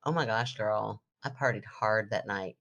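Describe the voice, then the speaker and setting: A woman's voice: rumbling low, normal speed, fairly bright tone. A young woman co-hosting a podcast in casual chat, teasing and laughing often. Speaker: podcast co-host.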